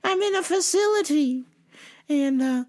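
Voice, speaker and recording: A woman's voice: sits high, expressive, a little slow, darkish tone, voice pushed up. A woman voicing a confused elderly woman on the phone, rambling and repeating herself. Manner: rambling, repetitive.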